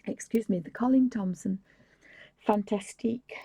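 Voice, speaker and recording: A woman's voice: mid-range voice, moderate pace, creaky, warm tone, slightly rough, no echo. A woman hosting a live painting tutorial, chatting casually and often dropping to a whisper, with rambling, apologetic asides at her home desk. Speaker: craft channel host.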